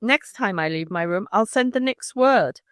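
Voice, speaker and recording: A woman's voice: mid-range voice, animated, normal speed, a bit bright, dry recording, clean studio sound, lightly acted. A woman reading aloud as a proud, resentful schoolgirl who speaks coldly and cuttingly. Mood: curt. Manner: cold and cutting. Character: proud, resentful schoolgirl, sharp-tongued and defiant.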